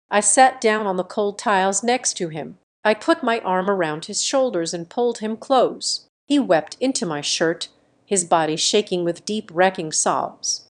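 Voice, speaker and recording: A woman reading a dramatic first-person family story as scripted narration, in a steady reading manner. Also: medium pitch, unhurried.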